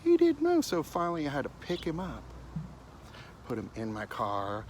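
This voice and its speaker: A man telling a story in an animated way, dropping into hushed asides now and then. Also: mid-range voice, moderate pace, slight background noise. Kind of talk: told story.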